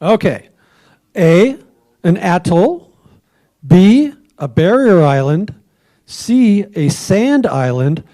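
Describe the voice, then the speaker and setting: A man's voice: sits high, big pitch swings, slow pace, pauses often, mellow. A man hosting a trivia quiz at a club meeting, joking with the tables and offering hints for a dollar.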